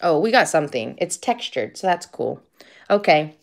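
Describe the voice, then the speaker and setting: Excitable woman in her fifties opening card packs. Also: low voice, moderate pace, creaky. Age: 50s. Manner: excitable, gushing, shrieks at big pulls. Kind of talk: livestream pack opening.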